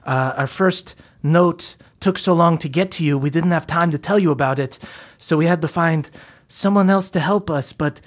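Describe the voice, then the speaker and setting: A man voicing a teenage girl frost dwarf, anxious and pleading, hurried and polite. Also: on the high side, lightly acted. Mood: worried. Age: teen figure.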